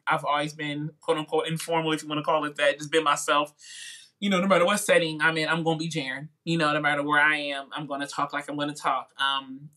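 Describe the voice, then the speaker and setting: Chatty bright-voiced man with Midwestern twang. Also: on the high side. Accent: Midwestern American. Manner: chatty, informal, acts out quoted voices. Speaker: music YouTuber and coach, podcast guest. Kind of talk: casual interview storytelling.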